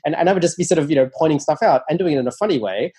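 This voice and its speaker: Guy rattling off stories quick, mellow husky voice, lots of ums and acted-out quotes. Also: fairly high pitch. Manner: animated, often acts out quoted dialogue in a raised voice; chatty, many fillers and restarts. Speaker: interview guest, nonfiction author. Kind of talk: casual conversational storytelling.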